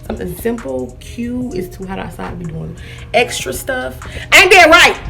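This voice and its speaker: A woman's voice: a little high, lively intonation, moderate pace, vocal fry, soft background music. A woman in her twenties vlogging while she gets ready, talking in a playful, exaggerated slangy voice into a camera held at arm's length. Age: 20s. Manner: playful, slangy put-on "ratchet" talk. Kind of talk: get-ready-with-me chat. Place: home indoors, then a car.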